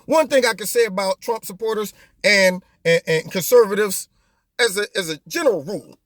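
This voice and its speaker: Male commentary host, high and lively, mocking tone, dry close sound. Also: normal speed, dry recording. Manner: animated, mocking, rhetorical questions. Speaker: host of a political commentary show. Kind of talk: opinionated political commentary.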